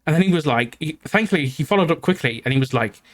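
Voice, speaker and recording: A man with a fairly high voice, chatting casually to his stream audience. He tells his story in an animated way, swears freely and laughs through the funny parts. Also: quick pace.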